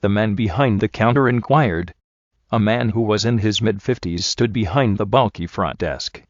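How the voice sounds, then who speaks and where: Low-voiced man narrating an audiobook. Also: normal speed, no echo, muffled recording. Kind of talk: scripted narration.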